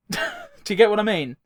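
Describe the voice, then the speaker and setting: Young male podcast co-host, high-pitched, excitable and profane, casual chat. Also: unhurried. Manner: excitable, swears freely, laughs often.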